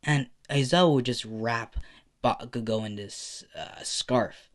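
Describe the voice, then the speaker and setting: A man's voice: medium pitch, takes it slowly. A man with a slight lisp narrating a fan story casually, rambling with lots of fillers.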